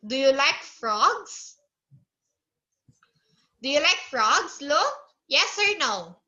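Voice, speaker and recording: A woman tutor leads a child through a simple online English lesson, with a high, very bright voice and a very slow pace. She repeats each question several times, patiently coaxing the child toward an answer, and she imitates animal sounds as she teaches. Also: big pitch swings, highs cut off.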